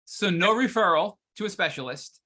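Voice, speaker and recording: A male podcast host with a bright, slightly high voice. He talks emphatically, sums up the guest's story and acts out what the other people in it said before he asks his next question. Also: lively intonation, moderate pace. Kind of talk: interview questions.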